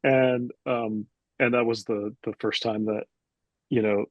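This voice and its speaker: A man's voice: mid-range voice, a little slow, dry recording, highs cut off. A man in his forties, a publisher, telling an anecdote casually and acting out the dialogue as an interview guest. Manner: animated anecdote teller, acts out dialogue. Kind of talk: casual storytelling.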